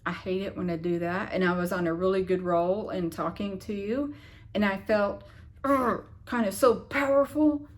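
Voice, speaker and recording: A woman's voice: fairly low pitch, steady tone, moderate pace. A woman vlogger telling a rambling personal story into her phone, circling back and restarting as she goes, frustrated and puzzled. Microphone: phone camera.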